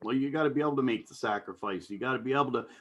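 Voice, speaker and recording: A man in casual conversation, reflective and soft-spoken, hedging his views. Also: medium pitch, racing, highs cut off. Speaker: conversation partner.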